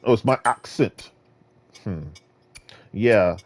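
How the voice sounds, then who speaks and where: A Virginia man with a fairly low, slow voice rants and trash-talks through a casual gaming vlog monologue. He's a gaming vlogger, and he comes across as animated and boastful.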